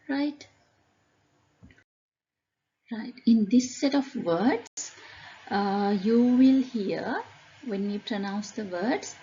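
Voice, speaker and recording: Lady teacher doing phonics, super slow, mellow voice, kinda dull lo-fi sound. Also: a little high, expressive. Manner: slow and deliberate, calling out each word loudly. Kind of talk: phonics lesson, reading word lists aloud.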